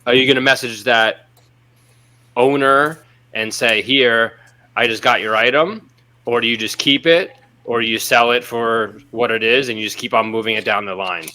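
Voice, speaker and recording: Bright-voiced man laying out a scenario. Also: medium pitch, steady tone, normal speed. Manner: rambling, hypothetical, hesitant. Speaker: podcast co-host. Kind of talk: casual podcast chat.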